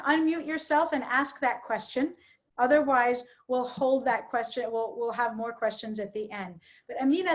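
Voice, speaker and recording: A woman teaching public speaking in an online workshop, coaching participants with encouragement. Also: sits high.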